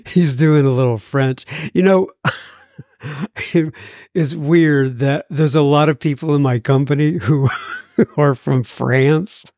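A man's voice: fairly high pitch, slow, pauses often, no echo, clean studio sound. Earnest, chuckling man reading listener mail. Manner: warm, earnest, laughs often, many fillers. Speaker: podcast host. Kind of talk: casual podcast chat reading listener mail.

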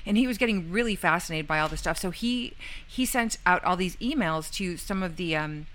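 A woman's voice: lowish voice, expressive, a little fast, a bit bright. A woman co-hosting a talk show, retelling a story in a rambling way, with lots of fillers and quoted lines. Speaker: podcast co-host. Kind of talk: casual storytelling chat.

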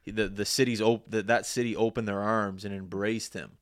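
A man's voice: on the low side, a little fast. A young man from Canada's East Coast, co-hosting a casual sports podcast and rambling with lots of restarts. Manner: rambling, animated, restarts mid-sentence. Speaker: podcast co-host.

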